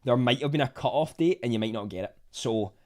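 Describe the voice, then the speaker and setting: A man's voice: mid-range voice, fairly quick. A Scottish man hosting a casual livestream, chatting to viewers in a rambling way and often restarting his sentences. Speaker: livestream host reading chat. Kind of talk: casual live chat.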